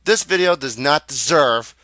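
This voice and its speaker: A man's voice: mid-range voice, lively intonation, measured pace, bright, forceful tone, dry recording. A young American man delivering an angry, profane, improvised rant. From United States. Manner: profane, heated, emphatic. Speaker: video ranter.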